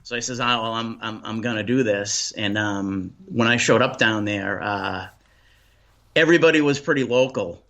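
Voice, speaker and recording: A man from Boston with a Boston accent, chatting as a guest in a relaxed interview, rambling with lots of restarts and ums. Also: on the low side, normal speed, dull audio. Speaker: paranormal investigator guest. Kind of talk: casual interview chat.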